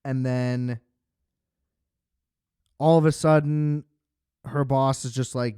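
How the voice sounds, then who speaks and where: Brief: man, casual profane film reviewer, smooth voice, dry close sound. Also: medium pitch, fairly even intonation, slow pace, long pauses, warm tone, no room sound. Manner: rambling, profane, filler-heavy. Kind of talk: casual spoken movie review.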